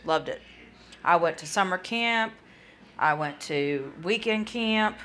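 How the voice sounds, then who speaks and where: A woman's voice: fairly low pitch, animated, slow pace, fairly bright tone, slight background noise. A woman chatting casually on a live stream, tired and yawning, rambling and talking to chat viewers by name.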